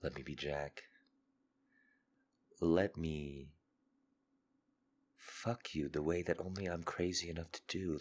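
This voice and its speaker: Deep husky man with a sick voice. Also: fairly even intonation, takes it slowly, long pauses. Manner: earnest, seductive, swinging between loud urging and soft murmurs. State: sick, hoarse voice. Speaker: podcast host. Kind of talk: intimate confessional monologue.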